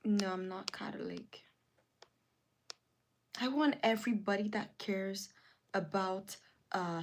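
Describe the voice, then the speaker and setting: A young adult woman hosting a casual livestream, reading viewers' comments aloud and ranting indignantly with sudden jumps in pitch. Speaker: livestream host.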